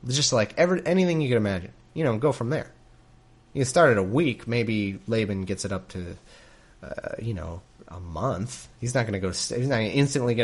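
Man, lively swinging pitch, scripture reading, wry comic asides, chuckling. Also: fairly quick. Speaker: host reading scripture aloud. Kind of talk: Bible reading with comedic commentary.

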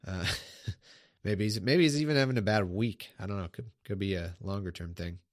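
A man with a fairly low voice reads scripture aloud in a relaxed, casual way. He keeps breaking off to make irreverent, sarcastic comments. The recording is dry and close to the microphone. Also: normal speed, no room sound. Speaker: Bible reader.

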